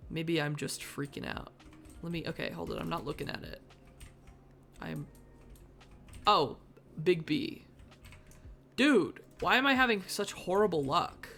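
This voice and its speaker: Woman, live game streamer, unhurried, muttering to herself, wry asides, desk mic at home. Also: deep voice, a bit bright. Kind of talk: casual live gameplay commentary. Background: faint background music.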